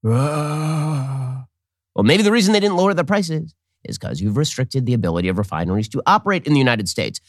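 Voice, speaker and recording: A man hosting a political commentary show, talking in a rapid, sarcastic, mocking monologue. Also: a little high, no room sound, studio quality. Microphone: studio mic with earpiece.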